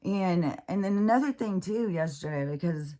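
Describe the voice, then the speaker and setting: A woman's voice: on the low side, animated, moderate pace, warm tone. A woman vlogging in a casual, rambling monologue about her spiritual life, candid and profane, with many fillers and restarts.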